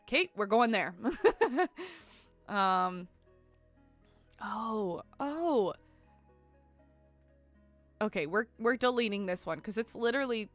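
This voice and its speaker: A slightly bright, medium-pitched woman from Ontario, Canada chats casually with livestream viewers, peppering her speech with "like" and "um" while giggling and apologizing. She keeps knocking into her desk mic.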